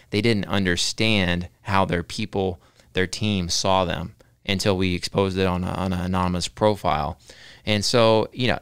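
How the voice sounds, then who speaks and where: A man's voice: low voice, a bit bright, clean tone, no echo, studio quality. A man, talking earnestly as a podcast guest, often repeating words while he thinks and adding "right?". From Texas. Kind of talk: casual podcast interview.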